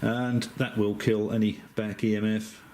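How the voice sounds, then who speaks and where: A middle-aged man with an Australian accent, an amateur radio operator, talking through a wiring diagram in a relaxed, chatty way, with frequent hesitations and dry asides. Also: lowish voice, a little slow, a little hiss or hum. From Western Australia. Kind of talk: casual technical explanation.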